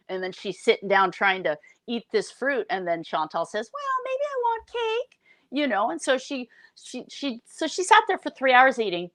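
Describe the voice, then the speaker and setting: A woman's voice: medium pitch, fairly bright tone. A woman hosting a commentary channel, telling a story in casual chat with mocking impressions of the person she talks about.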